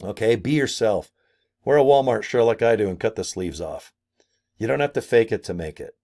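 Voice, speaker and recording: A man's voice: fairly low pitch, expressive, normal speed, darkish tone. An older man vlogging a casual promotional rant, goofy and crude, full of exaggerated asides and silly put-on voices. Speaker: marketing vlogger.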